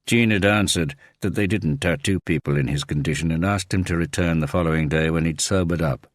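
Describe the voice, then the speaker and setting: A man with an extremely deep voice reads a thriller audiobook in a steady, measured way. The recording is close and dry, with no sense of a room around him. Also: dry recording. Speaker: audiobook narrator. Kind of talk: scripted narration of a thriller audiobook.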